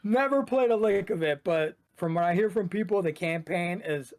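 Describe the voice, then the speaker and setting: A man chatting casually as a podcast guest, talking loosely and rambling with lots of "like". His voice sits a little high for a man. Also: normal speed. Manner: loose, rambling, heavy use of "like". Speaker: esports shoutcaster and guest.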